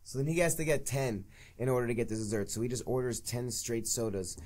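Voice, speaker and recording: A man's voice: mid-range voice, fast talker, a little mellow. A man co-hosting a podcast, mocking a film in a profane, casual way. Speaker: podcast co-host. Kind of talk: casual movie review chat.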